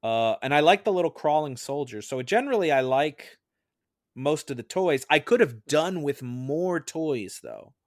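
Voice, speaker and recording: A man's voice: fairly high pitch, lively intonation, normal speed, no room sound, studio quality. A man on a podcast jury giving his verdict on a film in a chatty way, with lots of fillers. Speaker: podcast juror. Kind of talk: casual film discussion.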